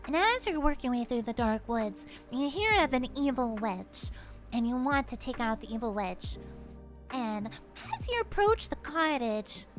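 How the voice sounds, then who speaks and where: A woman streamer telling a playful, giggly second-person fantasy story to her chat in casual livestream style. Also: a little high.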